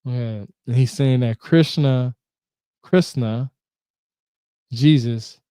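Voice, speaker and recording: A man hosting a casual live talk, reading passages from an old book aloud and commenting in an animated way, repeating himself and joking. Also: mid-range voice, takes it slowly, clean tone, no room sound, clean studio sound. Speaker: host.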